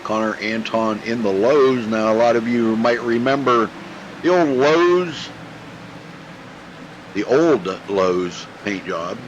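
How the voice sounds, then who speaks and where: Male play-by-play caller, folksy and chatty, steady mid pitch, over background noise. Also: takes it slowly, lo-fi sound. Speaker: race commentator. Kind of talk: sim racing broadcast commentary.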